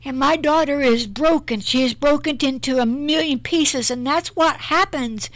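A woman's voice: sits high, moderate pace, no echo. A middle-aged woman minister giving an earnest, emotional personal testimony in an interview, often repeating herself.

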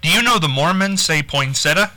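A man's voice: fairly high pitch, very animated, normal speed, bright, forceful tone. A man co-hosting a radio call-in show, teasing and laughing often. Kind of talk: casual radio chat.

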